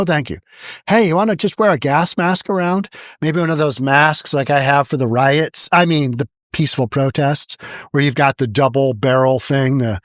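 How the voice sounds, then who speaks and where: Political commentary host, sarcastic, mocking, blunt, mid pitch, dry recording. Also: dry recording. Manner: blunt, repetitive emphasis. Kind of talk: opinion commentary. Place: home in Washington State.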